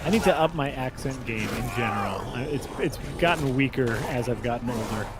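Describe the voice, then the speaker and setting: A man's voice: mid-range voice, expressive, fairly quick, loud music behind the voice. A man co-hosting a game stream in casual chat, joking and laughing often. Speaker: co-host watching a game stream.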